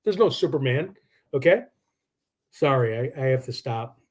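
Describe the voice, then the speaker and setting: A man's voice: medium pitch, expressive, moderate pace. A man hosting a live true-crime stream, rambling and combative, with lots of filler words. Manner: rambling, combative, heavy use of "like".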